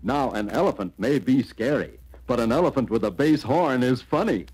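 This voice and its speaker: A man narrating a children's storybook record in an animated, storytelling manner. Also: mid-range voice, moderate pace, breathy edge, soft background music.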